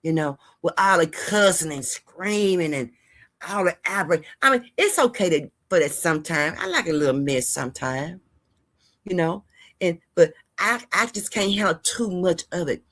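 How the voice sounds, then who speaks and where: A woman's voice: on the low side, lively intonation, moderate pace, fairly bright tone. A woman hosting her channel in a casual vlog monologue, chatty and rambling as she talks straight to her viewers and hands out heartfelt life advice. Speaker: host of a gossip and news channel.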